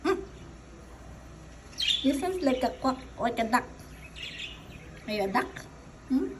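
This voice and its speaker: A woman talking to her pet parakeet in slow, sing-song baby talk, coaxing it with drawn-out greetings. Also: sits high, animated, noisy background. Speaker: pet owner.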